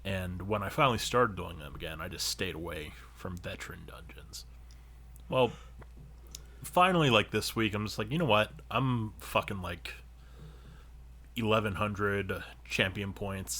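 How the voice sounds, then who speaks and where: A man co-hosting a podcast, casually telling a long, profane gaming story that grows animated as he retells it. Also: sits low, a little slow, a little hiss or hum. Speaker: podcast co-host. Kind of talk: casual chat.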